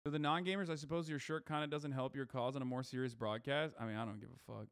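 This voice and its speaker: A man hosts a live stream, reading chat and talking loosely, profanely and with plenty of fillers. His voice is medium in pitch with fairly even intonation, and it's clear and resonant as he talks fast.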